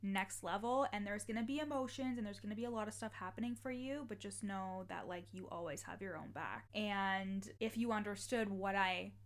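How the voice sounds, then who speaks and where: A woman's voice: medium pitch, moderate pace, few pauses. A young adult woman, a life coach and podcast host, talking casually and encouragingly to listeners, with lots of "like" fillers and the odd swear word.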